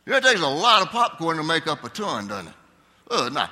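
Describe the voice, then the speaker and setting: High-pitched and sing-song, an older man preaches at a fairly quick pace with a sharp tone. He is the pastor giving a conversational Sunday sermon and asking his congregation questions. The church sanctuary adds a long hall reverb.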